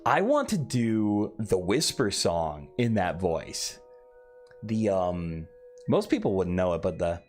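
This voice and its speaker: A man's voice: sits low, sing-song, slow, a little mellow. A man casually chatting on a late-night stream, reading chat aloud and swearing offhandedly. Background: faint background music.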